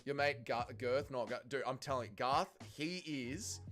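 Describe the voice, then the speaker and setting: A man's voice: mid-range voice, moderate pace, a bit bright, soft background music. A young Australian man hosting a casual fight-night watch-along, swearing freely and reading chat aloud. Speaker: livestream host.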